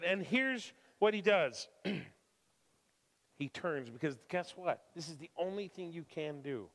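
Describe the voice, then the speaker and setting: A man preaching a sermon who moves from calm scripture reading to impassioned, emphatic preaching with repeated phrases. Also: on the high side, measured pace. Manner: emphatic repetition. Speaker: pastor. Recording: long hall reverb.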